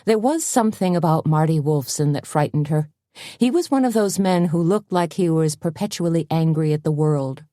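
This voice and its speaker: A woman narrating a cozy mystery audiobook in a steady, plain way. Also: low voice, moderate pace, dry recording, clean studio sound. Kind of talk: scripted narration.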